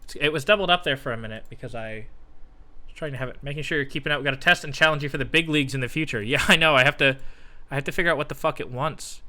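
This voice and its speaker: A man live-streaming from home, muttering and swearing as he troubleshoots his mic and voice software. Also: mid-range voice, racing, a little hiss or hum. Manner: muttering, swearing while fixing audio setup. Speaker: game streamer. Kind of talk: casual live-stream chat. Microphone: desk microphone with voice software.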